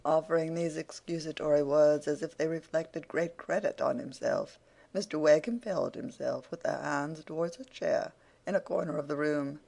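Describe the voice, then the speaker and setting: A man narrating a classic novel as an audiobook, in a measured, formal storytelling manner. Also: on the high side, vocal fry, a little mellow.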